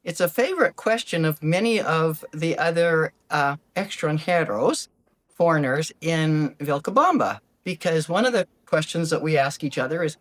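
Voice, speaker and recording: An older woman hosting a solo talk as a life coach, gentle and animated, acting out the questions she quotes. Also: deep voice, moderate pace. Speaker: podcast host, life coach. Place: lives abroad in Ecuador.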